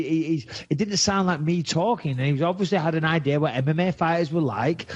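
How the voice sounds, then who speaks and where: A man's voice: fairly high pitch, highs cut off. A man from England with a Lancashire accent, hosting a podcast in blunt, swearing casual chat. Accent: Lancashire English. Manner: blunt, swears freely, animated retelling. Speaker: podcast host.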